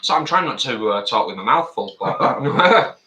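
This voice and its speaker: A man's voice: mid-range voice, sing-song, unhurried, pushed and bright, roomy sound. A man co-hosting a live stream, chatting over a meal and reading viewer comments aloud. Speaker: co-host reading chat. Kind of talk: casual live-stream chat while eating.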